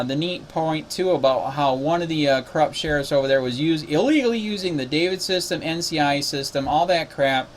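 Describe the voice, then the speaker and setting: A man's voice: on the high side, a little hiss or hum. A man who is a cop watch activist, talking in a casual spoken recap, indignant and exasperated.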